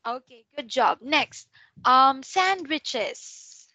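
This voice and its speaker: A woman teaches English over a video call with a high, bright voice. She speaks slowly, patiently repeating words for the student to copy. The sound is close and dry. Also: lively intonation, dry recording, muffled recording. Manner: patient, drills pronunciation with slow repetitions. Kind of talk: online one-to-one tutoring.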